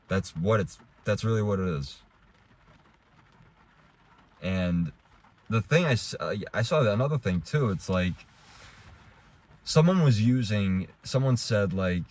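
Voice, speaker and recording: A man's voice: lowish voice, lively intonation, measured pace, long pauses. A young adult man giving a heated, rambling casual rant to camera, restarting and swearing as he talks. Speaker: vlogger.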